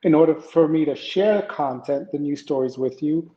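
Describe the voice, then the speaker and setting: A man with a slightly high, warm voice talks at normal speed while hosting a live tech show, casually reading news and greeting his chat with plenty of fillers. The home setup uses an iPad camera and a PC. It sounds lo-fi and dull, with room echo.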